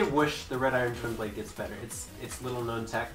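A woman streaming a game with casual commentary, excitable and swearing, breaking into mock-angry yelling. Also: extremely low pitch, a little fast, few pauses. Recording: roomy with faint background music.

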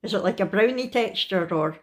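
A woman's voice: mid-range voice, expressive, brisk. A Scottish woman chatting casually in a home kitchen for a family vlog, laughing often and cooing at pets. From Scotland. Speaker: vlogger.

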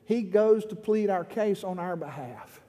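A man's voice: high-pitched, expressive, measured pace, dark tone. A middle-aged man preaching an impassioned sermon as pastor, building to fervent pleading. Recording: long hall reverb.

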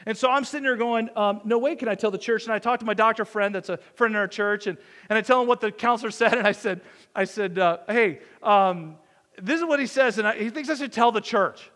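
This pastor speaks in a high, slightly bright voice at a somewhat quick clip, recounting a personal story in a relaxed sermon. Self-deprecating humor and acted-out lines of dialogue fill it, all echoing with the long reverb of the church sanctuary.

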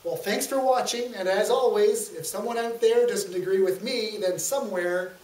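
Man playing high-pitched folksy TV shrink, preachy, echoey hall from far off. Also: normal speed, a little mellow, lightly acted. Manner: lecturing in homespun sayings. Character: folksy TV psychologist host, a man, blunt and preachy. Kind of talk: amateur stage comedy skit.

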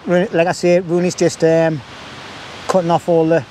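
Brief: bushcraft vlogger, jokey and chatty, slightly high voice, faint wind noise. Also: male voice, little pitch movement, normal speed, mellow. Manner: jokey, chatty, laughs a lot. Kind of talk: casual chat to camera. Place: windy woodland outdoors. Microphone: camera mic.

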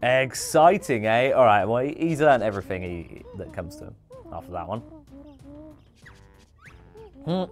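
Male streamer, lively swooping delivery, chatty gameplay commentary, game music faint behind. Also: medium pitch. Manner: excitable, chatty, quick exclamations and cheers. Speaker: streamer hosting a speedrun.

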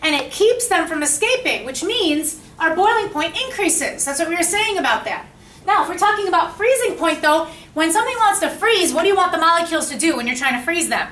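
A woman teaching high school chemistry in a classroom lecture. She asks the class questions and repeats their answers back to them. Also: animated, fairly quick, fairly bright tone. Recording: echoey classroom, mic at a distance.

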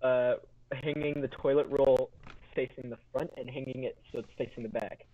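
A man's voice: medium pitch, steady tone, moderate pace, slight background noise. A man co-hosting a podcast in goofy, rambling casual chat, restarting his sentences. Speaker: podcast co-host. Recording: tinny phone-like sound.

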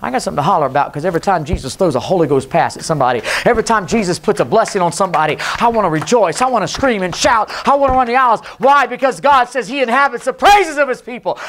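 A middle-aged man preaching a Pentecostal sermon, jumping between loud calls and low intense passages. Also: animated, fast talker, hardly any pauses. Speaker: pastor. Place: church sanctuary.

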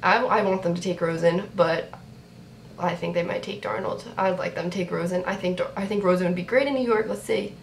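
A young woman reacting to a sports draft on her vlog, chatty and excitable, talking to her viewers. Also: lowish voice, brisk, gravelly. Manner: excitable, talks to viewers, repeats herself. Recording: roomy echo, faint background noise.

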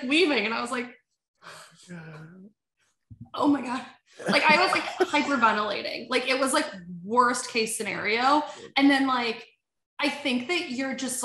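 A woman with a bright, slightly high voice chats animatedly as a podcast guest, full of fillers and acted-out quotes. Her voice carries a noticeable roomy echo. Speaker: podcast guest, sports agency head. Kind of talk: casual chat.

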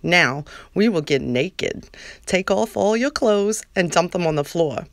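A woman voicing a crude, lecherous, bossy man in a comic reading of a fan-written scene, with a flat, low-key commanding delivery. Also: unhurried, dry recording, studio quality. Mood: smug, bossy.

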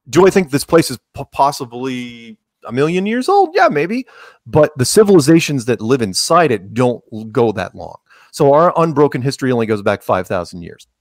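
A man talking casually as a podcast guest, rambling with jokes and animated asides. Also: mid-range voice, no echo, studio quality. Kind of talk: casual interview talk.

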